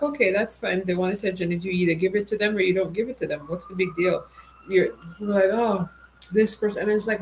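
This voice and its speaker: A woman's voice: lowish voice, slight background noise, poor audio. A woman talking straight to her viewers in a casual, rambling vlog monologue, telling stories and acting out what other people said. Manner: rambling, animated storytelling with quoted asides. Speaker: vlogger.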